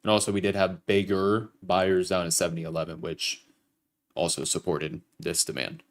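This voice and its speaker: A man's voice: low voice, level tone, moderate pace. A young man hosting a live trading stream, casually talking chat through his trades with some profanity. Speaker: livestream trading host.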